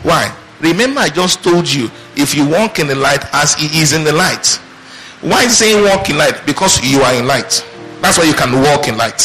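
A man's voice: a little high, expressive, normal speed, pushed and bright, soft background music, rough recording. A man preaching a sermon, asking rhetorical questions and answering them in call-and-response. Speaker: pastor.

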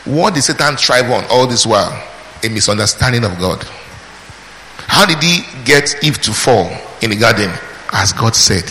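A man's voice: medium pitch, expressive, moderate pace, pushed and bright. A man preaching a sermon, emphatic, asking the congregation questions, answering them himself, and calling out praise between points. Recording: long hall reverb with faint background noise.

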